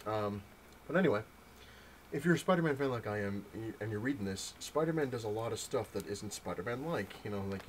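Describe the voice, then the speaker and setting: A man talks through a comic storyline in a loose, rambling way, full of ums and restarts. His voice sits on the low side, and he gets animated when he retells scenes. A faint hiss runs under the recording. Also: low-quality recording. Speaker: comic book vlogger. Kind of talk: casual comic review talk.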